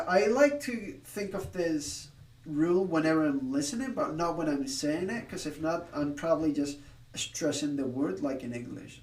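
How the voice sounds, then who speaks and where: A man talks through his study session live, thinking aloud and often stopping to correct himself. His voice sits a little high for a man. He is heard from a distance, in a roomy, echoing space. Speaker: streamer learning a language.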